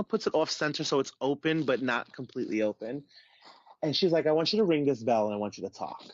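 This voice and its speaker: A man's voice: mid-range voice, dry recording. Guy on a podcast telling a story, does everyone's voices, muffled dry sound. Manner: animated, acts out quoted voices. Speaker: podcast guest. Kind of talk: casual personal storytelling. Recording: dull, dry podcast audio.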